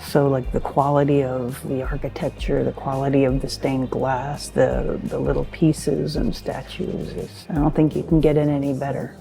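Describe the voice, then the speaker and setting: A woman with a low, mellow voice talks through a travel vlog in an easy, chatty way, explaining sights and practical tips. Soft music plays faintly under her. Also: little pitch movement, moderate pace, vocal fry, hardly any pauses. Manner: chatty, informative tour guiding. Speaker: travel vlogger. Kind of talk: casual travel vlog narration.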